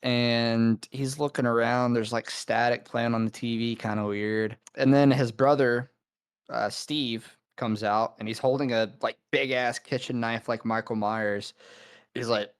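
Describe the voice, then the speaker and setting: A man's voice: mid-range voice, fairly even intonation, a little slow, clear, resonant tone. A man co-hosting a casual film review podcast, summarizing the plot hesitantly with many ums and uhs. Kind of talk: casual chat.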